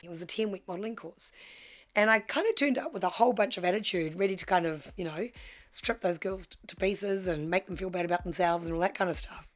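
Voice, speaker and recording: A woman's voice: on the low side, quick pace. A middle-aged woman, telling her own life story frankly and acting out the voices in it. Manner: frank, animated, acts out quoted voices. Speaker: guest storyteller. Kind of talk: personal storytelling.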